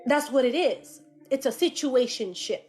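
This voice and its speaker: A woman's voice: high-pitched, expressive, moderate pace, a little mellow, faint music behind. A woman voicing a blunt old grandfather spirit. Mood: blustering. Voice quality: blunt, cursing, fatherly.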